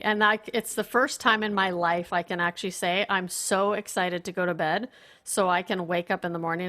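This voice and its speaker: A woman guest on a podcast, talking candidly and telling her story in an animated, casual way. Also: fairly low pitch. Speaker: podcast guest, performance consultant.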